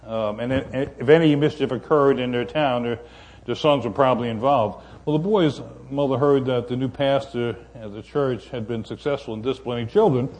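An older man giving a sermon as a guest preacher. He talks in a folksy, unhurried way and pauses often while he tells his stories. His voice sits at an average middle pitch for a man. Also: darkish tone.

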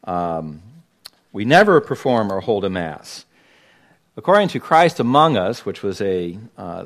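A man from Los Angeles preaching a sermon to his congregation, pointed and emphatic, leaning hard on key words. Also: medium pitch. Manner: emphatic, pointed preaching with sudden loud stresses. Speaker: pastor.

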